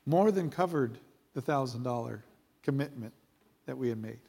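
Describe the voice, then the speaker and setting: A man's voice: medium pitch, fairly quick, vocal fry, darkish tone, husky. A middle-aged man, a pastor, preaching a sermon and telling a personal story, acting out the dialogue and building to emphatic preaching.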